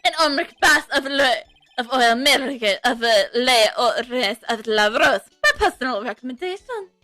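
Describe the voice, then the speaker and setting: A woman's voice: high voice, lively intonation, normal speed, pushed and bright, no echo, soft background music. A woman voicing a flamboyant male French restaurant owner in a mock French accent, gushing and fumbling her words.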